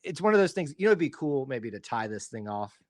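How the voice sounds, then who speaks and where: A man's voice: mid-range voice, big pitch swings, fast, a little mellow, no room sound, clean studio sound. A man from Alabama with an Alabama Southern accent, co-hosting a casual sports podcast in a rambling, joking, self-deprecating way. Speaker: podcast co-host.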